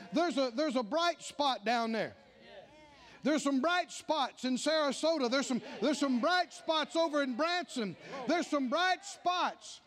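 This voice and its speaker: A man with a strikingly high voice preaches a sermon, his pitch leaping up and down as he builds. He keeps repeating phrases and calling on the congregation to respond. He comes across as a pastor in full flow. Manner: call-and-response preaching, repeating lines with rising emphasis. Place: church sanctuary with congregation.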